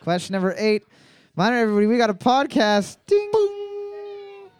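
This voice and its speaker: A man hosting live trivia, reading each question twice in a slow, drawn-out way and joking between questions. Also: sits high, clean tone, no room sound. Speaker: trivia host.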